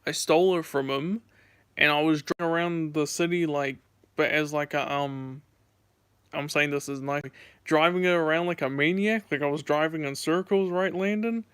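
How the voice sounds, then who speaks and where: A man's voice: on the high side, moderate pace, a bit bright, smooth, dry recording. A young man streaming from home, telling gaming stories in a rambling, filler-heavy casual chat.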